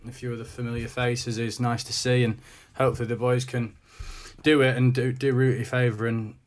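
A man's voice: mid-range voice, level tone, fairly quick. Upbeat man chatting about cricket. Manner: upbeat, enthusiastic. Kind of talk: casual podcast chat.

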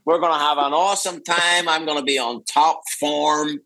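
A man's voice: on the high side, fairly even intonation, normal speed, heavy background noise. Rambling Northern Irish man on a video call. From Northern Ireland. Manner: rambling, self-interrupting, laughs easily. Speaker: singer-songwriter guest. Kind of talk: casual interview chat.

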